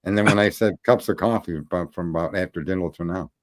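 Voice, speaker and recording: A man with a lowish voice spins rambling, profanity-laced stories on a casual podcast. He talks loosely and restarts often, and his pitch shoots up when something outrages him. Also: fast. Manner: profane, rambling, climbs into high indignant pitch. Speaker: podcast host. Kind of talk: casual storytelling chat.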